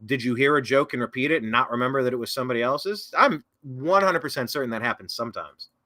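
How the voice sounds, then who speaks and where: A male political talk show host with a bright, forceful voice. He rambles casually through viewer comments, and he keeps correcting himself with mocking sarcastic asides. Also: medium pitch, fast talker.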